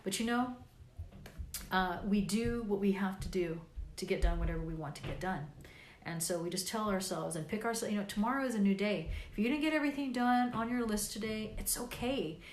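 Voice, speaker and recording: A woman's voice: medium pitch, brisk, reverberant, a little hiss or hum. A woman with grandchildren, tired, chatting in a casual live video and giving a rambling, encouraging pep talk full of fillers. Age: older. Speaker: vlogger and podcast host.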